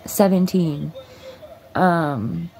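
A woman's voice: fairly low pitch, extremely slow, a little mellow. A woman vlogger at home, bluntly and profanely retelling a story in a casual storytime.

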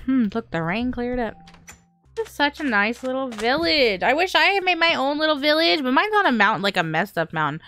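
Bubbly high-voiced woman gaming host. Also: fairly quick. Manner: chatty, excitable, squeals and laughs often. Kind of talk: casual gameplay commentary.

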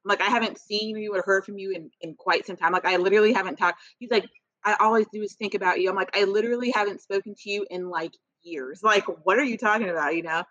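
Woman podcast co-host, bright and forceful, blunt animated storyteller, dry muffled sound. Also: medium pitch, fast talker, no echo. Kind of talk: casual chat.

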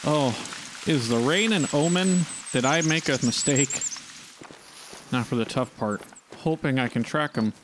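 A man's voice: medium pitch, noisy background. A man giving casual gameplay commentary, talking and pleading with the animals on screen. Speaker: gaming channel host.

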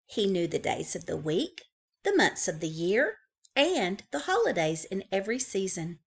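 A woman librarian reading a picture book aloud to young children, expressive, with playful asides to the kids. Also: medium pitch, moderate pace, vocal fry, breathy edge. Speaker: school librarian.

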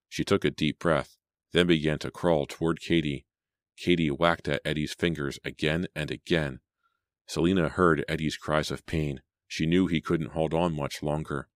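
A man narrating a suspense audiobook in a measured, suspenseful way. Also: rumbling low, dry recording, studio quality. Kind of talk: dramatic audiobook reading.

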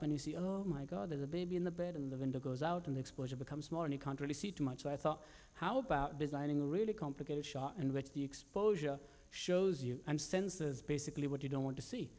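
A male commercial director with a voice on the high side tells animated stories about his work, with frequent restarts and fillers.

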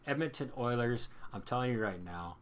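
A man's voice: mid-range voice, animated, brisk, slight background noise. A man casually narrating a hockey card box break as its host, chatty and upbeat, often repeating himself. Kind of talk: casual card-opening commentary.

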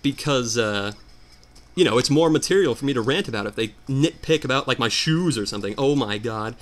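Animated man ranting over gameplay. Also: mid-range voice, a little fast. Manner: animated, exasperated ranting storyteller. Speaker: let's player. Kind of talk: casual gameplay commentary.

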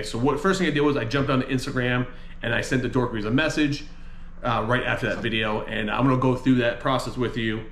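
A man's voice: mid-range voice, a bit bright. A man vlogging about a comic book mystery box, talking in a frustrated, exasperated way with mild swearing. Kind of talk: casual unboxing vlog. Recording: echoey room, faint ambience.

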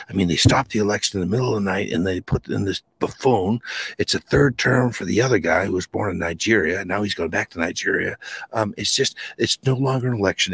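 A man's voice: fairly low pitch, creaky, slightly rough, no echo. A man talking as a guest in a casual, rambling chat, emphatic and full of restarts. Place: home near the Charles River.

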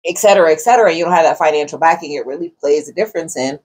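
Low, husky-voiced woman on a podcast. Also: very fast, a little mellow. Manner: earnest, speaks from personal experience. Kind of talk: casual podcast discussion.

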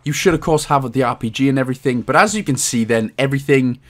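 A man's voice: mid-range voice, fast. A man with a Welsh accent giving casual game walkthrough commentary, jokey and self-deprecating and swearing freely. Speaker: gaming guide host.

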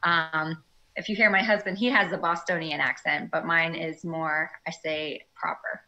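A woman's voice: sits low, fairly even intonation, normal speed, pushed and bright, lo-fi sound. A talkative, giggly woman from Massachusetts, a guest on a podcast call. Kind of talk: casual chat. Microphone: remote call.

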